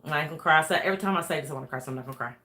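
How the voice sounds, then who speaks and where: A woman's voice: low-pitched, racing, bright, forceful tone. A woman life coach giving an emphatic motivational talk. She repeats her points over and over and laughs often.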